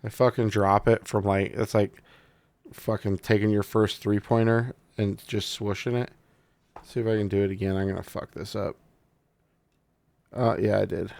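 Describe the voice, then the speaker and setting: A man with a low, gravelly voice talks his way through an unboxing, swearing freely and joking to the camera. The sound is close and dry, with no room around it. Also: normal speed, long pauses, no room sound. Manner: profane, excitable, jokey talk to the viewers. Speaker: tech reviewer. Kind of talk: casual unboxing commentary.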